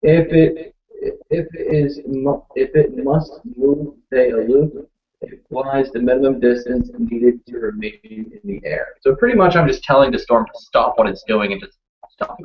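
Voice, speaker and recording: A man playing a tabletop game, casual and halting as he thinks aloud. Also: medium pitch, animated. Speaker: player. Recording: dull lo-fi recording.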